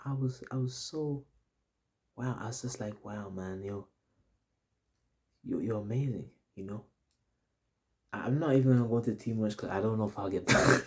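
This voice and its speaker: A man's voice: mid-range voice, a little fast, long pauses. A young man telling a story to his audience in a casual, rambling, slang-heavy way, repeating himself often. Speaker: vlogger.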